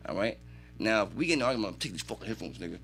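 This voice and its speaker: A man telling animated, swear-filled stories as a podcast guest in a radio studio. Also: fairly low pitch, rapid-fire, gravelly, faint music behind. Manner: animated storytelling, heavy swearing. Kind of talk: casual chat.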